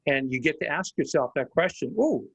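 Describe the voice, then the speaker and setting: A man hosting a group video call, reflective and relaxed, with many fillers. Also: mid-range voice, fairly quick, no echo, muffled recording. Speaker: host.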